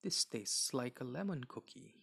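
A man's voice: medium pitch, very animated, normal speed, creaky, a bit bright, husky, exaggerated voice. A man voicing a hungry little boy who speaks eagerly and begs when afraid. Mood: childlike. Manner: eager, begging.

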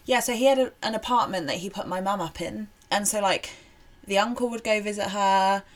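A woman co-hosting a casual podcast, relaxed and giggly as she tells a family story. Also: mid-range voice, brisk. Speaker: podcast co-host.

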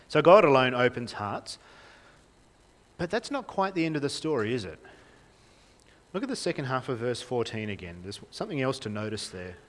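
Lively young man preaching a sermon. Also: mid-range voice, a little hiss or hum. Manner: lively, conversational, asks the congregation questions. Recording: reverberant hall.

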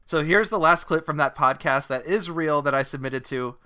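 A man's voice: on the high side, moderate pace, pushed and bright. A man with an Australian accent hosting a podcast, rambling earnestly in casual comedy chat. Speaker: podcast host.

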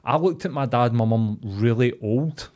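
A Scottish man chatting casually as a podcast co-host, telling animated stories, quoting people and swearing. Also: mid-range voice, normal speed. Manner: animated storyteller, swears, quotes others. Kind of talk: casual chat.

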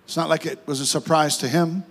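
A man's voice: fairly high pitch, steady tone, a little fast, slightly rough. A man. He builds fervor by stacking repeated phrases, stumbling into restarts, and pressing on. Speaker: pastor. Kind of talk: sermon.

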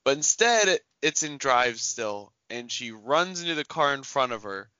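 Animated bright-voiced man telling stories. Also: medium pitch, measured pace, clean tone, no echo. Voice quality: animated, joking, swears lightly. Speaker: podcast co-host. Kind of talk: casual chat, storytelling. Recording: dull lo-fi podcast audio.

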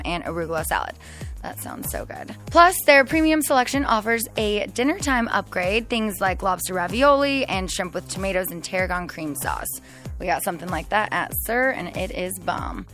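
Woman podcast host, casual chat, bubbly, giggly, flirty, mid-pitched voice, faint music underneath. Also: sharp tone.

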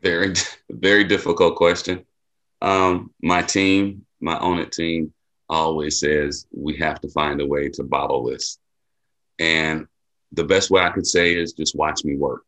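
A man's voice: extremely low pitch, flat delivery, unhurried, a bit bright. A man from Milwaukee, an athletic director and mentor, answering interview questions in an earnest, heartfelt way that often repeats a phrase. He gets emotional as he speaks. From Milwaukee, USA. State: emotional, near tears.

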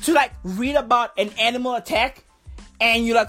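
A woman with a husky voice, doing a profane, slang-heavy comic rant. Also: fairly high pitch, a little fast, soft background music. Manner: profane, repetitive, animated slang. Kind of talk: comedic rant monologue.

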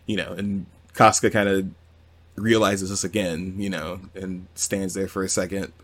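A man's voice: low-pitched, measured pace. A man co-hosting a podcast, casually retelling a manga chapter with swearing and acted-out quotes. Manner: animated storytelling with quoted voices and swearing. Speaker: podcast co-host. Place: home with cats nearby.

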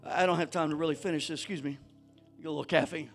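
A man preaching a sermon to a church congregation, swinging between shouted exhortation and low conversational asides. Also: fairly even intonation, rapid-fire, faint music behind. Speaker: pastor.

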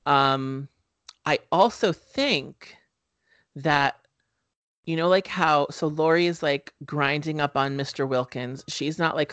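A man's voice: a little high, fairly bright tone, no room sound. A man hosting a podcast, casually recapping a horror movie with lots of fillers and offhand swearing. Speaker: podcast host.

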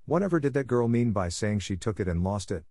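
A man voicing a stern, strict middle-aged farm woman in an audiobook, brisk and scolding. The recording is dry and close. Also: fairly low pitch, very animated, darkish tone, no echo. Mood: bewildered. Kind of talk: audiobook character reading.

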